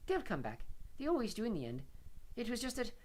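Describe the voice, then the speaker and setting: A man's voice: very high voice, brisk, pitched above the performer's own voice, heavily acted. A man voicing a vague, serene teenage girl in an audiobook reading. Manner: vague, calm, airy. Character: dreamy, serene teenage girl, odd and unbothered. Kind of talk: audiobook character voice.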